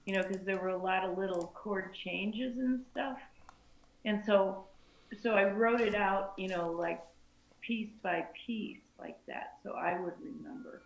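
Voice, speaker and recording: A woman with laryngitis, hoarse, chatting and laughing self-deprecatingly on a video call with her ukulele group. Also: mid-range voice, a little slow, slight background noise. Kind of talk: casual video-call chat. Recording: echoey room on a video call.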